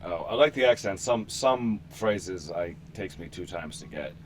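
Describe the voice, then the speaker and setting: A man in his thirties chats casually with a stranger over his headset and keeps joking and laughing at his own guesses. His pitch swings widely as he talks. His voice sits on the low side, and faint ambient noise runs under it. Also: lively intonation, a little slow. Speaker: host chatting with a stranger online. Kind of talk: casual chat. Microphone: headphones with push-to-talk.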